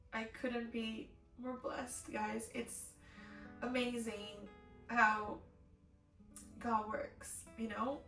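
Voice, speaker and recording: Woman vlogger retelling her testimony, acts out the quotes, roomy echo with soft music under it. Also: on the high side, vocal fry, far from the mic. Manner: emotional, acts out her own quoted words. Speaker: faith vlogger. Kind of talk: personal testimony storytelling.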